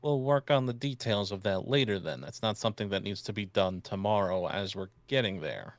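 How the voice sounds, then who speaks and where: A man's voice: lowish voice, brisk, no room sound. A man role-playing his character in a tabletop game, joking and crude, talking with a put-on New York accent. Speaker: player.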